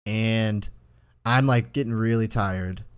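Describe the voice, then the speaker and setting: A man's voice: lowish voice, takes it slowly, clean tone. A man in his twenties, a podcast co-host, telling a long story in casual chat, with many restarts. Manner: rambling storyteller, many restarts, animated when quoting himself.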